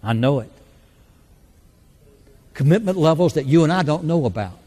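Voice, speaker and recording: A man's voice: on the high side, animated, normal speed, dark tone. A man giving an earnest, folksy sermon in a church service, leading a prayer and telling mission stories. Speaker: church speaker.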